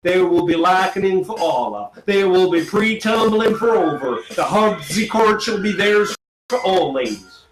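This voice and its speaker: A man's voice: high-pitched, lively intonation. A man giving a theatrical, sing-song reading of a literary text in a live performance. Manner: slow, incantatory, sing-song delivery. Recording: echoey room with music behind, live stream.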